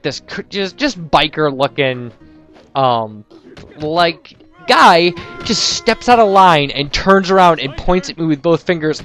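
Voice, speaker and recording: Young man, casual gameplay commentary, rambling storyteller, somewhat high voice, faint music. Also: a bit bright. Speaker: let's play commentator.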